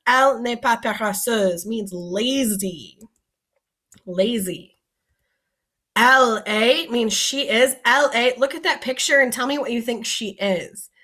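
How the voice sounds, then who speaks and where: A woman teaches a recorded vocabulary lesson in a slightly high voice. She explains each word patiently and slowly, and she pauses to ask her students questions. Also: fairly bright tone. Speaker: French teacher.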